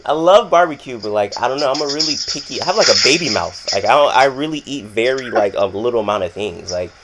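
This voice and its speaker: A young man from Florida hosts a casual chat, relaxed and sprinkling his talk with "man." His voice sits at an ordinary pitch. Clear noise hums under the recording. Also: fairly quick, hardly any pauses. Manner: laid-back, says "man" a lot. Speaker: interviewer.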